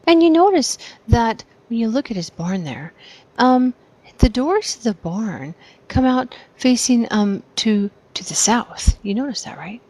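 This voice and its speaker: A woman's voice: fairly high pitch, animated, measured pace, dark tone. A woman player in a tabletop game, talking in a hesitant, rambling way. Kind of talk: casual tabletop game chat.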